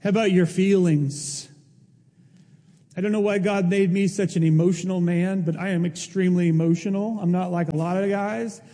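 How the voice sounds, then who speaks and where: High-voiced man preaching in a hall. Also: steady tone, normal speed, warm tone. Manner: emotional, emphatic preaching with rising intensity. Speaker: pastor. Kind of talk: sermon.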